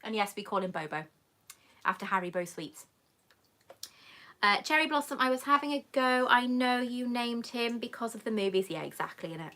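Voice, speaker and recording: A woman's voice: on the high side, animated, moderate pace, pushed and bright. A woman hosting a casual live chat, reading viewer comments aloud and calling people darling. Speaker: YouTube host answering live chat questions.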